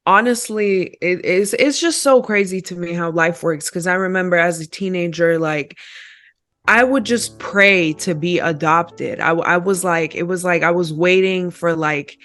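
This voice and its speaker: A woman's voice: fairly low pitch, measured pace, a bit bright, faint music behind. A young woman, a podcast guest, reflectively telling her life story in casual chat.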